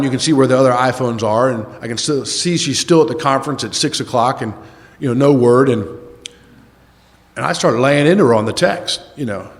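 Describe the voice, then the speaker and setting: An older man telling a rambling, self-mocking story to a recovery meeting, with many fillers. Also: medium pitch. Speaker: recovery speaker. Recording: echoey hall.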